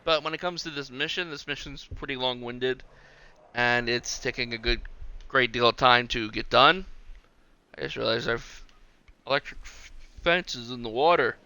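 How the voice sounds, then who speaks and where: A man's voice: medium pitch, moderate pace, pushed and bright, clean tone, dry recording. A man streaming a park-building game, rambling casually as he plays and talking to the animals on screen. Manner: rambling, chatty, talks to the game. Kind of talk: casual gameplay commentary.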